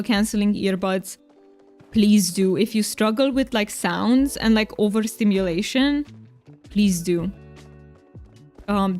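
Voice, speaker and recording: A woman's voice: mid-range voice, a little mellow. A woman from Romania chatting with viewers while she streams a game. She plays up her Romanian accent for fun, talks kindly to chat and laughs easily. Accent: Romanian, played up for fun. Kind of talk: casual live-stream chat while gaming.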